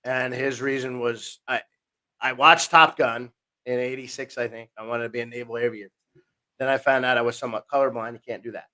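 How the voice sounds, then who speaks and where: A man's voice: medium pitch, brisk. A man, a podcast guest telling his life story in a rambling, self-interrupting way. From New Jersey, USA. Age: 50s. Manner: rambling, self-interrupting, animated retelling with quoted voices.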